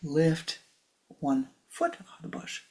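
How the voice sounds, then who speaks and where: Woman voicing a kindly young yogi: patient, soft-spoken, unhurried. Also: sits low, wildly swooping pitch, exaggerated voice. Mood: coaxing. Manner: gentle, patient coaxing.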